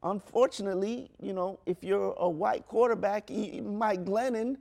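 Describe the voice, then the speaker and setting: A man's voice: sits high, normal speed, vocal fry, darkish tone. A middle-aged man co-hosting a podcast in casual chat, thoughtful and a little hesitant, asking questions. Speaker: podcast co-host.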